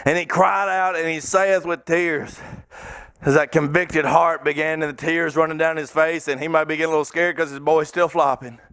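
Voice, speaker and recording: A man preaching a sermon as pastor in a church, fervent and folksy, sometimes breaking into shouts. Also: fairly high pitch, fairly even intonation, normal speed, clear, resonant tone, dry recording. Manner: colloquial, folksy phrasing. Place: church sanctuary.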